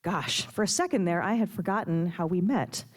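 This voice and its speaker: A woman's voice: lowish voice, lively intonation, moderate pace. A woman reading aloud, voicing a bossy, mocking female nightclub owner who is a gangster's wife.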